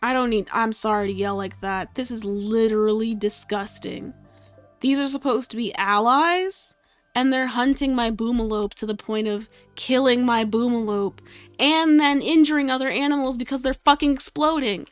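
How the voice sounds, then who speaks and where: A woman with a fairly high voice giving live commentary over a game stream. She sounds exasperated, swears freely and talks straight to the game. Soft game music plays quietly underneath. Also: moderate pace, no room sound.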